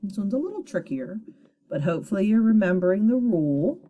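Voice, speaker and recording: A woman's voice: mid-range voice, sing-song, fairly quick, warm tone, lo-fi sound. A woman teacher giving a phonics lesson to children, patiently sounding out syllables and encouraging her students.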